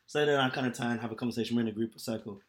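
On a podcast, a male co-host with a medium-pitched voice talks very fast. He tells an animated story in casual chat and laughs often.

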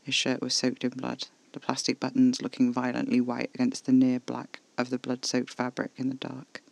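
A man reading scripted first-person horror narration in a measured, level way, close to the mic. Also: medium pitch, completely flat delivery, gravelly, low-quality recording.

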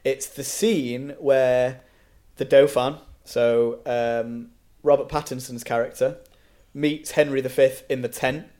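Mellow-voiced opinionated man. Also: mid-range voice, steady tone, slow pace. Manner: opinionated, history-minded, repeats words when restarting. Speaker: podcast co-host reviewing a film. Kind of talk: casual film review chat.

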